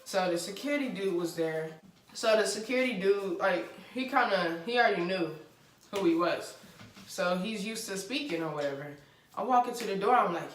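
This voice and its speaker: Young woman vlogger, animated profane storyteller, distant roomy mic. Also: mid-range voice, moderate pace, a little hiss or hum. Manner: animated, laughing, slangy and profane. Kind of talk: casual storytime chat. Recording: roomy sound from a distant mic with faint music.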